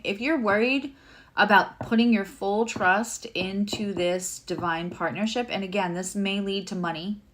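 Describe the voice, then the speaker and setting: A woman's voice: fairly low pitch, fairly bright tone. A woman giving a casual live tarot and astrology reading, chatty and rambling with many fillers and asides.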